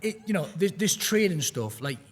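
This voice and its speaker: Man, husky voice, blunt motivational roundtable talk, long studio reverb. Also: sits high, big pitch swings, normal speed. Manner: blunt, motivational, joking asides. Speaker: prop trading firm team member. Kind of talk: casual roundtable chat.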